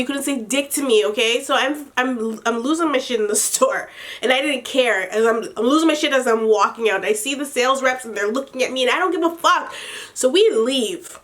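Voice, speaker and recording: A woman telling a storytime vlog in a casual, animated way, swearing freely and laughing between lines. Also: high-pitched, fairly quick. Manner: animated, profane, exasperated retelling. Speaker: storytime vlogger.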